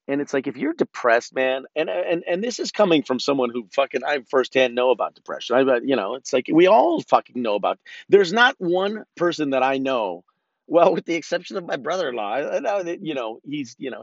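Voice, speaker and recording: A man's voice: mid-range voice, vocal fry, no echo. A man hosting a solo podcast, rambling and swearing, with lots of false starts and flashes of political ranting. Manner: rambling and profane, with frequent restarts. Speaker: podcast host. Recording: dull, dry lo-fi recording.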